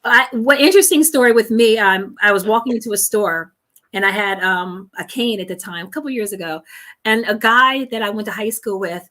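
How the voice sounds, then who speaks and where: A woman hosting a talk show, telling a personal story in an expressive way, acting out what others said and laughing as she goes. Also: medium pitch, fairly quick. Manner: expressive, acts out quoted voices, laughs through stories. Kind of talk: conversational interview storytelling.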